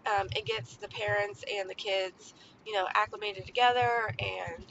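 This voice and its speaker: A woman's voice: medium pitch, steady tone, moderate pace, creaky, a bit bright. A woman in her thirties hosting a podcast, talking casually about parenting in a rambling, chatty way with lots of fillers. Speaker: podcast host. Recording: slightly dull lo-fi sound with faint background noise.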